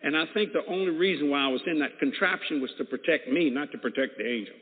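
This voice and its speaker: A man's voice: a little high, fast. A man preaching and telling a personal testimony, acting out the voices of the people in it. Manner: animated storyteller who acts out dialogue. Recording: tinny phone-like sound in an echoey hall.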